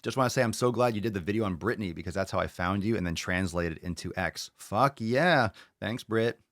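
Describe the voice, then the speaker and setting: Brief: male podcast host, lowish voice, dry close sound, profane and hyped. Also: quick pace, no echo. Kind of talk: casual live podcast chat.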